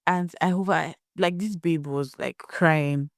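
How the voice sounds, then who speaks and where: A young Nigerian woman hosts a solo podcast, sharing blunt opinions and conversational stories in a low, unhurried voice. The recording is dry, with clean studio sound.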